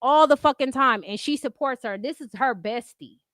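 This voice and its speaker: Profane, combative woman streamer, high voice. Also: moderate pace, a bit bright, dry recording. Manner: profane, combative, talks to her chat. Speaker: livestream host. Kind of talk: heated casual commentary.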